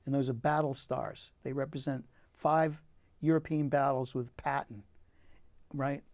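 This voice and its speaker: An older man, a poet appearing as a guest on a community TV studio interview, shares personal stories in an earnest, reflective manner, often restarting his sentences. His mid-range voice has a darkish tone and fairly even intonation, and he speaks a little slowly with no echo.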